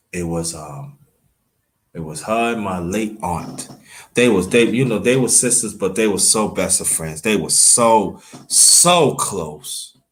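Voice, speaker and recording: Brooklyn man with a lowish voice, hosting a livestream, rambling and halting, stops to shout out viewers. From Brooklyn, New York. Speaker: livestream host. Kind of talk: emotional livestream storytelling.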